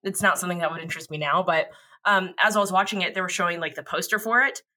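A woman's voice: lowish voice, quick pace, sharp tone. A woman co-hosting a casual podcast chat, teasing and swearing casually. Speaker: podcast co-host.

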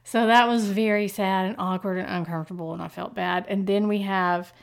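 A woman's voice: mid-range voice, fairly even intonation, brisk, creaky. A woman co-hosting a casual chat podcast, summarizing episodes in a plain conversational way. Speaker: podcast co-host. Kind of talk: casual chat recapping a TV show.

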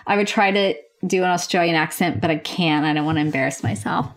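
Woman podcast host, American, nurse, chatty and gushing, slightly low voice. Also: fast talker. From United States. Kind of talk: casual podcast chat. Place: home office by a lake.

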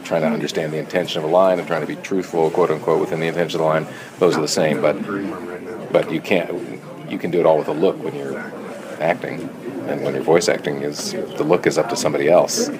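A voice actor being interviewed at a press junket, answering with dry, deadpan jokes. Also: male voice, extremely low pitch, fast talker, crowd noise. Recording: crowded noisy press room.

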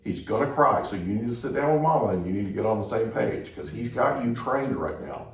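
A man's voice: medium pitch, brisk, recorded from a distance. Male host who tells stories and keeps checking in with "right?", recorded in a very echoey room well back from the mic. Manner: animated storyteller, frequent "right?". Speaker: podcast host. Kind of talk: storytelling in a conversation.

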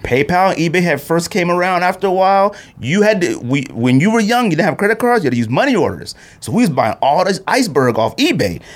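A man's voice: quick pace, few pauses. A man in his thirties from Arizona, hosting a podcast and telling a casual story, acting out the people he quotes. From Arizona, USA. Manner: animated storyteller acting out quotes with big pitch jumps. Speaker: podcast host.

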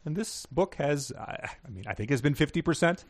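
A man co-hosting a podcast reads listener submissions aloud in a casual, chatty way. His voice is a little high, animated and fairly quick, and he reads the passages plainly, stumbling slightly and chuckling now and then.

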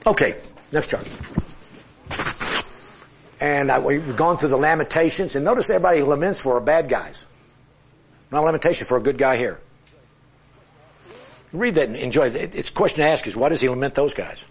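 A man's voice: fairly high pitch, expressive, normal speed, pauses often, slightly rough. A middle-aged man teaching a Bible class with charts, talking conversationally, asking the class questions and joking at his own expense. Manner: self-deprecating humor.

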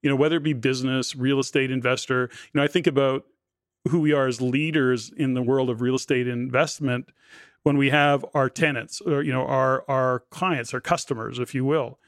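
A man's voice: mid-range voice, steady tone, normal speed, dry recording, clean studio sound. A man in his sixties hosting a podcast interview, telling stories in a chatty way with many fillers like "you know". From Canada. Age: 60s. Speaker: podcast host. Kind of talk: casual interview chat.

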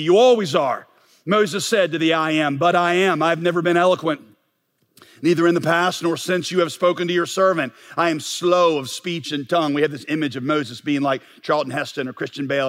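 A man preaching a sermon as pastor, emphatic and building to forceful peaks. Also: on the high side. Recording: long reverb of a large hall.

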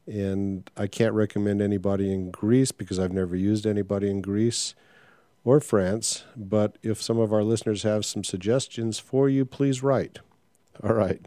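A man's voice: lowish voice, fairly even intonation, moderate pace, mellow, dry recording. An older man hosting a podcast, talking in a frank, rambling way with many filler sounds. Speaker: podcast host. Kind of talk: casual podcast monologue.

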